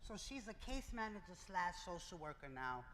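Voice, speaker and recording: A man giving a keynote speech, telling his own story in a lively way and acting out the dialogue. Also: sits high, moderate pace. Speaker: keynote speaker. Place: event hall before a live audience. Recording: reverberant hall with clear noise.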